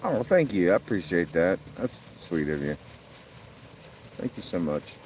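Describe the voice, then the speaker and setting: Low-voiced dude laughing through stories on his phone stream outdoors, kinda far from the mic, light background noise. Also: sing-song, unhurried, darkish tone. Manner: laughs a lot, rambling storyteller. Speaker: livestreamer. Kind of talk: casual live-stream chat. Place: outdoors by a lake.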